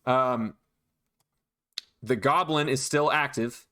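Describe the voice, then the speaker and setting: Male game master, mid-pitch, relaxed narration full of ums and restarts. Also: slow pace. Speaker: dungeon master.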